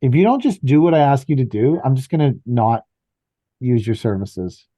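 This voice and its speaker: A man's voice: medium pitch, very animated, normal speed, dark tone, no echo. A man in his fifties co-hosting a podcast, ranting bluntly and with a lot of swearing. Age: 50s. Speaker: podcast co-host. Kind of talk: casual chat. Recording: dry, dull lo-fi audio.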